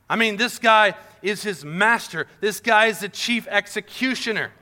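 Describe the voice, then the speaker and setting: A man preaching to children and families, animated and playful, acting out little scenes as he tells the story. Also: high voice, moderate pace, few pauses. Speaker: pastor. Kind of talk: sermon to kids and families.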